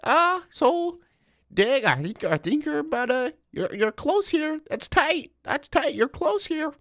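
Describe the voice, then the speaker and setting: A man putting on a woman's high falsetto voice, calling out a grappling match in short repeated phrases. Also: sing-song, measured pace, fairly bright tone, no room sound, studio quality, exaggerated voice. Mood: breathless. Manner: clipped repeated calls. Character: woman fighter turned fight announcer, squeaky falsetto.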